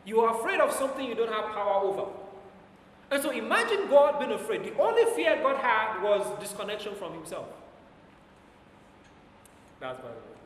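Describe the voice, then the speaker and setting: A man preaching a sermon, driving his points home and slowing down to dwell on scripture, with his volume rising and falling. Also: high voice, very animated, fairly bright tone, a little hiss or hum. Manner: emphatic, slows down for scripture quotes, volume rises and falls. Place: church hall with long reverb. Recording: echoey church hall from far off.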